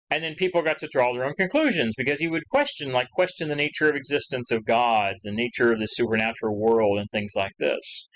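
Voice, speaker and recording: A man's voice: on the high side, fairly bright tone, low-quality recording. A man giving a recorded history lecture in a conversational, rambling way, full of asides and fillers, acting out quoted questions with rising emphasis. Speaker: history teacher.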